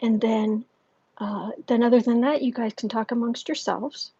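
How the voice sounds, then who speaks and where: A woman hosting a livestream as a tarot reader, chatting casually with many fillers and restarts, speaking softly and gently and sometimes dropping to a near whisper. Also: fairly high pitch, steady tone, moderate pace, slightly rough, dry recording, highs cut off. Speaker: tarot reader and channel host.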